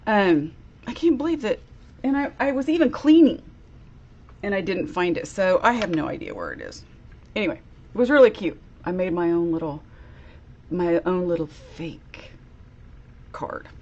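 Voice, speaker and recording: A woman's voice: lowish voice, very animated, normal speed, pauses often, darkish tone, muffled recording. A woman giving a chatty live-streamed craft demo, greeting viewers by name in a bubbly, casual way. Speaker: crafter demonstrating a product.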